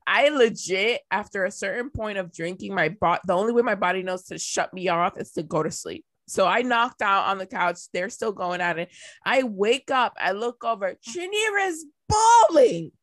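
A woman's voice: mid-range voice, moderate pace, a bit bright, no room sound. A woman co-hosting a casual podcast, talking bluntly and swearing freely. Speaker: podcast co-host. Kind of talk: casual chat.

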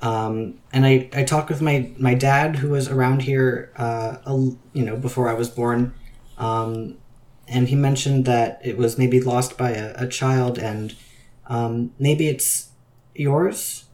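A man's voice: medium pitch, fairly even intonation, slow pace, darkish tone, natural voice. A man voicing a nervous young photography student who stammers and apologizes.

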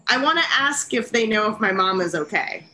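A woman's voice: mid-range voice, animated, a little fast, sharp tone, echoey room, slight background noise, rough recording. A woman playing a tabletop game, talking earnestly about her character's actions. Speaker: player.

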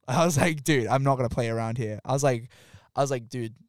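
A man's voice: medium pitch, a little fast, no room sound, clean studio sound. A young man with an Australian accent, telling stories in casual chat, swearing and laughing often. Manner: swearing, laughing storyteller, acts out quotes.

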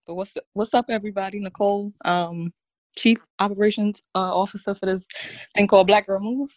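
A woman's voice: mid-range voice, brisk, no room sound. A straight-talking woman, the group's operations chief, chatting on a casual podcast.

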